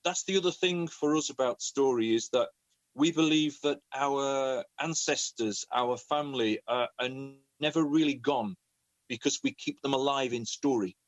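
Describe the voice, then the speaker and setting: A man who is a professional storyteller, telling a family story in an animated way, often repeating words. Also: medium pitch, moderate pace, no room sound, highs cut off. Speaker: professional storyteller and children's author. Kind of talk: conversational storytelling.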